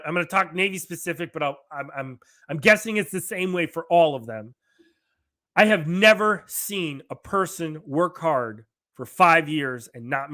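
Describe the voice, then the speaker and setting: A middle-aged man hosting a podcast, delivering an energetic solo rant, emphatic and often asking "right?" while acting out quoted dialogue. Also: on the high side. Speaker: podcast host.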